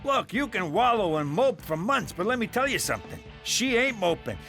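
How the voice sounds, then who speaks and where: Sleazy uncle type, high and bright, crude patter. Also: male voice, very animated, normal speed, faint music behind, full character voice. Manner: crude, wheedling. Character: crude, leering uncle, much-divorced. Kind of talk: adult cartoon voice acting.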